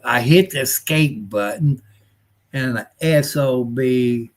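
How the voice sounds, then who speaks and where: An older man, chatting casually and rambling on a live stream in a folksy, grumbling way. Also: medium pitch. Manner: folksy, rambling, grumbling, with rural nonstandard grammar. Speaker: livestream host.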